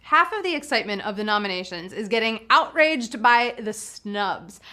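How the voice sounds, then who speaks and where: A woman's voice: medium pitch, lively intonation, normal speed, pushed and bright. A woman hosting a live trivia game show, bubbly and playful, reading questions and hyping up the players.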